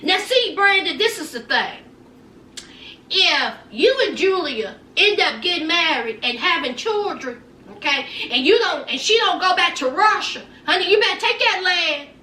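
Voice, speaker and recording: Chatty woman recap host, sharp bright tone, heard a bit off mic in a roomy space. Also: extremely high pitch, normal speed, distant mic, a little hiss or hum. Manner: sassy, animated, acts out quotes, calls listeners honey and child. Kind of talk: casual gossipy recap. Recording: echoey room, off mic.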